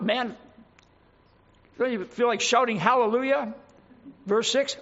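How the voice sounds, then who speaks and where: A man's voice: sits high, a little slow, long pauses, a bit bright. A man preaching a sermon, reading scripture aloud with dramatic emphasis and adding his own asides. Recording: dull lo-fi recording.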